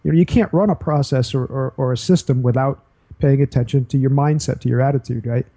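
Dark, husky-voiced man explaining leadership ideas. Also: medium pitch, brisk. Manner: earnest, explanatory, many restarts. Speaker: guest leadership speaker. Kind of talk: casual interview talk.

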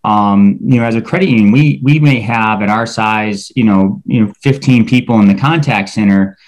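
A man speaking as a credit union executive, answering interview questions in a steady, explanatory way with small word repeats. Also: lowish voice, moderate pace. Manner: steady, explanatory, repeats words when restarting.

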